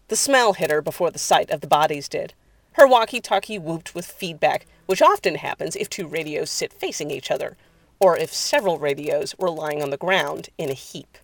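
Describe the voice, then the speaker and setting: A narrator reading a horror story aloud in a measured, even way. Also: medium pitch, creaky, no room sound.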